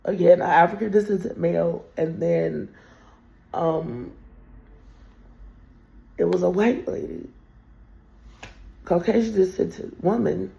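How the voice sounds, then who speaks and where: A woman's voice: lowish voice, vocal fry, mellow. A woman telling a rambling, profane story straight to her viewers in a casual monologue.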